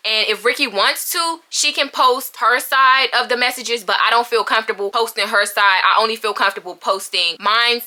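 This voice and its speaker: A woman's voice: fairly high pitch, normal speed, hardly any pauses, bright, forceful tone. A young woman telling her side of a falling-out in a storytime vlog, blunt and heated, swearing freely and reading text messages aloud.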